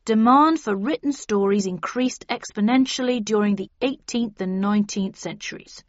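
A woman's voice: mid-range voice, moderate pace, no room sound, lo-fi sound, lightly acted. A woman reading the part of a male official explaining a crisis at length, in an earnest, lecturing way, in an audiobook.

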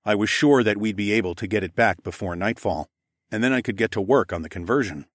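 Low-voiced male audiobook narrator. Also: fast, no echo, studio quality. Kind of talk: first-person audiobook narration.

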